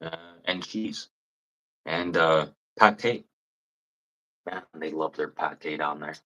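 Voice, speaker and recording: A Canadian man chatting with viewers on a livestream, blunt and rambling, swearing freely and mimicking people in high mocking voices. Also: takes it slowly, sharp tone, poor audio. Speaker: livestream host. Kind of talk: casual live chat with viewers.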